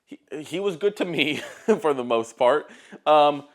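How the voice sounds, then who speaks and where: A man's voice: fairly high pitch, expressive, measured pace. A man who makes car videos, ranting casually to camera in a blunt, profane, exasperated storytelling style. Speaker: car YouTuber.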